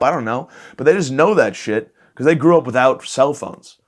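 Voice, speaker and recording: A young man riffing alone as a podcast host, swearing freely and laughing at himself. His pitch sits in an ordinary middle register, and he wanders from one tangent to the next in a loose, casual way. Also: fairly quick, few pauses. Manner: rambling, profane, self-mocking. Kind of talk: comedic solo podcast monologue.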